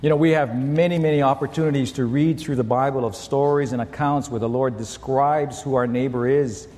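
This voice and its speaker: A man's voice: medium pitch, fairly even intonation, a little fast, long reverb tail. A man preaching a sermon to a congregation, telling a story and acting out the quoted lines. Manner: storytelling, acts out quotes and shouts. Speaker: pastor.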